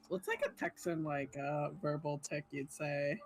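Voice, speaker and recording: A woman streamer chatting casually, rambling and halting with many restarts. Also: sits low, steady tone, rough recording. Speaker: streamer host. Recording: background music clearly audible. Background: background music.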